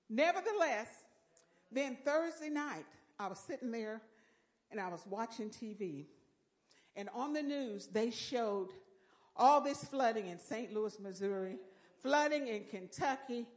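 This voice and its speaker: An older woman giving a folksy church testimony with lively storytelling and exclamations of praise. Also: on the high side, a little slow.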